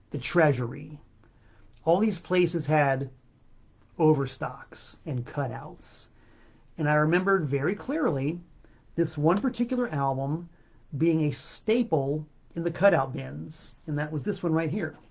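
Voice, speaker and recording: A man's voice: fairly high pitch, vocal fry, husky. A man hosting his own show, talking casually in a rambling, chatty way with many asides, his throat a bit choked up. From South Florida. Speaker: podcast host and record seller. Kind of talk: casual solo monologue. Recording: dull lo-fi sound.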